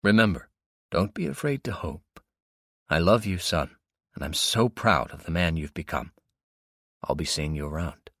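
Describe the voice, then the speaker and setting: Audiobook role: a man doing a warm-hearted, wise father, gentle and earnest, low and dry. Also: animated, moderate pace, long pauses, no room sound, heavily acted. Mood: tender. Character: loving, wise father comforting his grown son.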